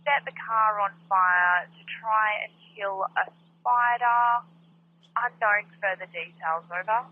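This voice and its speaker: A woman dispatcher giving a clipped, flat emergency report over the radio. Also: mid-range voice, slow pace. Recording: tinny radio scanner audio.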